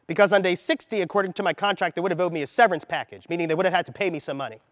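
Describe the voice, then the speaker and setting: Very fast and a bit bright, a high-voiced man in his thirties coaches a group on mindset, energetically narrating a story and dramatizing the lines he quotes. The close, dry sound carries a long trailing reverb from a big hall.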